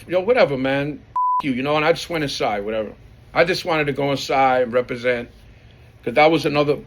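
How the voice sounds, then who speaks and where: A man's voice: fairly high pitch, noisy background. A middle-aged man tells his side of a feud in a heated, streetwise way, swearing often and quoting himself. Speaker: graffiti writer telling his side. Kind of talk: casual storytelling, profane.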